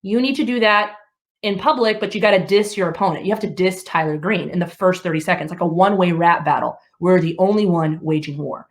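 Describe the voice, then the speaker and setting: A woman voicing her blunt, matter-of-fact brother, speaking low and pushing an idea. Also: fairly quick, lightly acted. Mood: coaxing. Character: blunt teasing younger brother, bossy.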